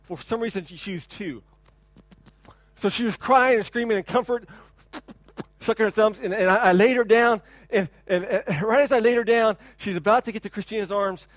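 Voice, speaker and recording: Animated high-voiced preacher with a dry sound. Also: male voice, normal speed, dry recording. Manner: animated preaching, shouts to imitate a crying child; repeats words and restarts, conversational. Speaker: pastor. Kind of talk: sermon. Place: church hall.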